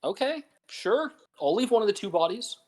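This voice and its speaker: A tabletop player chatting quickly and casually about the game. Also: medium pitch, big pitch swings.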